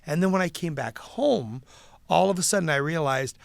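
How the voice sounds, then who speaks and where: Man, gravelly low-toned voice, earnest rambling guest, dry close sound. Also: lively intonation, normal speed, fairly bright tone, no echo. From not from the local city. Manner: earnest, enthusiastic, rambling with restarts. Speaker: guest, preservation nonprofit president. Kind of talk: casual interview chat.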